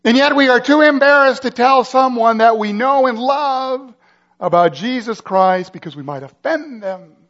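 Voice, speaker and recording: At normal speed and in a high, ringing, somewhat bright voice, a male pastor preaches expressively. He builds drama by posing rhetorical questions and painting urgent, vivid scenarios, rising and dropping for effect, on a dull, lo-fi recording.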